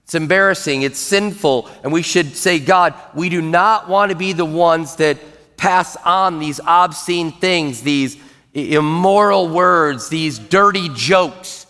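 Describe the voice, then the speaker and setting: A man preaching a sermon as pastor, emphatic, dropping into low grumbles when acting out what people mutter. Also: slow, pushed and bright. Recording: long reverb in a large hall.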